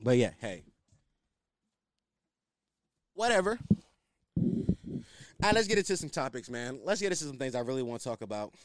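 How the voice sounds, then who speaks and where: Animated young man ranting casually. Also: medium pitch, brisk, no room sound. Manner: animated, ranting, swears freely. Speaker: podcast host. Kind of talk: casual solo commentary.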